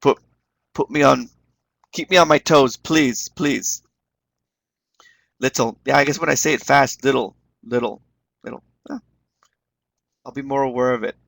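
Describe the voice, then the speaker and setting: A man's voice: medium pitch, vocal fry, a bit bright, no room sound. A man leading an online teaching webinar, encouraging the class and repeating words as he explains them. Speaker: webinar instructor.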